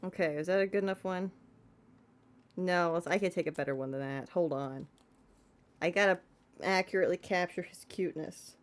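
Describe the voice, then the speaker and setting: A woman's voice: lowish voice, normal speed, long pauses. A woman streamer chatting playfully while she plays a game and talks to her cat. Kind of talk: casual gameplay commentary.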